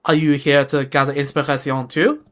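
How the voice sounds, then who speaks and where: A reader voicing a small, shy fairy creature with a mock French accent, soft, hesitant and childlike, in a fan reading of game dialogue. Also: medium pitch, level tone, moderate pace, voice pushed down, natural voice.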